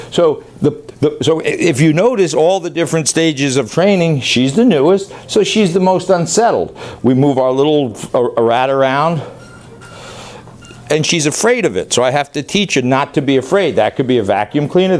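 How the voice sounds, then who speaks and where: A man who runs a dog training facility, talking loosely and excitably as he demonstrates training, now and then yelling playfully. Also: a little high. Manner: loose, rambling, excitable, yells playfully at times. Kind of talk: casual on-camera demonstration.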